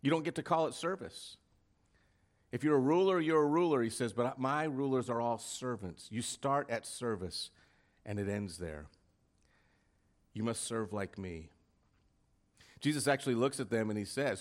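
A male pastor preaching a sermon in an emphatic style, posing rhetorical questions and at times dropping his voice to a hush. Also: mid-range voice, moderate pace, pauses often.

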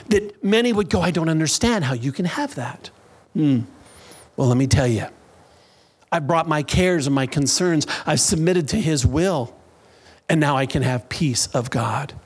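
A man with a high voice preaches to his congregation. He delivers a sermon in slow, emphatic phrases, pausing between them. He speaks as the pastor of a church.

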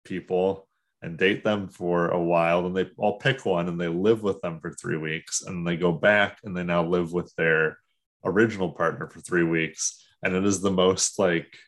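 Man, deep low voice, casual chat, rambling, animated, podcast co-host. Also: normal speed.

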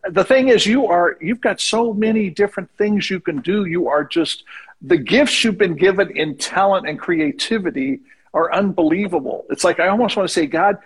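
A man's voice: high-pitched, husky. A man hosting a radio interview, asking chatty questions in an upbeat, complimentary way. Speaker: radio show host. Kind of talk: casual interview chat.

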